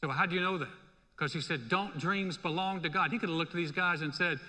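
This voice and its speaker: Male pastor, high bright voice, lively conversational sermon, long hall reverb. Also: fairly quick. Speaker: senior pastor. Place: church sanctuary.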